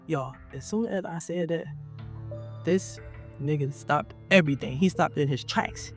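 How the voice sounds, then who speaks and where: A young man telling a story to his viewers in a casual, animated way, acting out what people said. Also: on the high side, moderate pace, faint music behind. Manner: animated, acts out quotes, talks straight to viewers. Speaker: vlogger.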